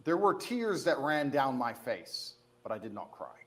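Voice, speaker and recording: A man's voice: medium pitch, big pitch swings, fairly bright tone. A man in his thirties answering interview questions in an assertive, defiant way. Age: 30s. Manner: assertive, defiant, quick-talking. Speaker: interview guest.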